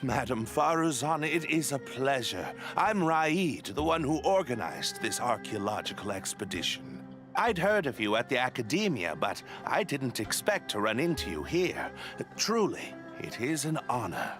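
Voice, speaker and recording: An actor playing a polite but scheming male expedition leader, courteous and flattering with a sly edge, in a video game. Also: medium pitch, moderate pace, music in the background. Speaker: expedition organizer.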